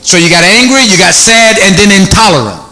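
Male preacher, lively swooping pitch, bright edgy voice, shouting bursts, energetic sermon. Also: brisk, echoey room. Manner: animated, shouting bursts, acts out tones.

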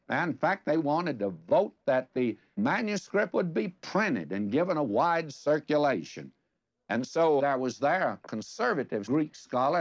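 A man's voice: mid-range voice, no room sound. An older man preaching a sermon in a folksy storytelling way, asking rhetorical questions. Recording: dull lo-fi sermon recording.

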